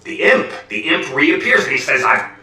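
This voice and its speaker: Animated Canadian man telling a fairy tale. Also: on the high side, normal speed, roomy sound, distant mic. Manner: asks the listeners "right?" and "okay?" often. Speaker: storyteller.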